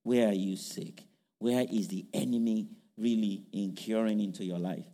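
A man's voice: fairly low pitch, fairly even intonation, normal speed, dark tone. A man preaching a sermon, firing rhetorical questions with many fillers and restarts, and raising his voice sharply when he acts out a quote. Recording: long hall reverb.

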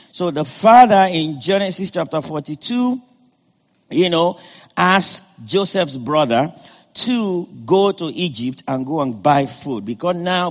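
A pastor preaching a sermon, retelling a scripture story in a conversational way with frequent "you know". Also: male voice, fairly high pitch, long reverb tail.

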